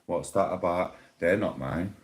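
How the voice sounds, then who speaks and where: Bloke with a super deep voice, rambling and moaning on a phone livestream from home. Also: male voice, unhurried, background noise. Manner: rambling, complaining, exasperated. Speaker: live streamer. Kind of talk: casual live stream chat.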